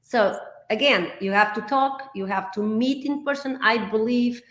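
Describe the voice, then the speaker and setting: A woman's voice: on the high side, a little slow, fairly bright tone. A woman working as a real estate agent, from New Jersey, talking casually and often restarting her sentences. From New Jersey, USA. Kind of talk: casual conversation on a show. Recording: echoey room.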